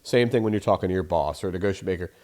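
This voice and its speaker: A man's voice: low voice, racing, a little mellow. A young adult man hosting a show, giving casual sales advice in a rambling, profane way and acting out phone calls in voices. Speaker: sales trainer and host.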